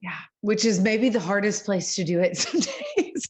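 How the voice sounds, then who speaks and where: A woman's voice: medium pitch, breathy edge. Earnest, laughing woman songwriter. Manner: earnest, animated, quick laughs, lots of "like". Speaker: singer-songwriter guest. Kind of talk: casual interview conversation.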